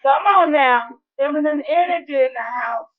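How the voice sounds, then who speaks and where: A woman preaching in a rousing call-and-response style, shouting exclamations to her listeners. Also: high voice, normal speed. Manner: exclamatory, shouts "What?" and "Woo". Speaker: spiritual motivational speaker. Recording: lo-fi with faint music.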